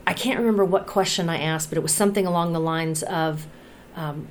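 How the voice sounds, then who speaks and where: A woman's voice: lowish voice, a little fast, slight background noise. A woman guest in casual chat on a podcast, attentive and agreeable.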